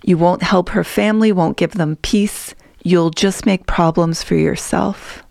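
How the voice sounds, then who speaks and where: A woman reading a firm, hushed guardian woman. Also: fairly low pitch, fairly even intonation, unhurried, vocal fry, dry recording, studio quality. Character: stern, protective older woman guardian.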